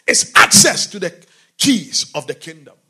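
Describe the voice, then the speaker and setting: Male preacher, lively sermon delivery with wide pitch swings, moving from shouted lines to quiet ones. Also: a little slow, husky. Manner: often asks the congregation questions.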